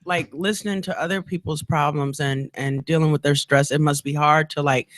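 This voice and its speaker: A woman's voice: low voice, steady tone, moderate pace, no room sound, studio quality. A woman hosting a community radio talk show, chatting casually with a guest, laughing often and telling stories with animation. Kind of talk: casual interview chat. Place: radio studio.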